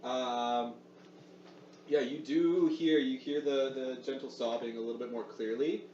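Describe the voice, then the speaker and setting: A man's voice: mid-range voice, steady tone, a little slow, mellow. A man running a tabletop game as game master, narrating with many hesitations and fillers. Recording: echoey room, far mic, dull sound, noise.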